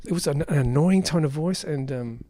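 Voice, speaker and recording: A man's voice: on the high side, normal speed, warm tone, no room sound. A man giving an unrehearsed film review, rambling and exasperated.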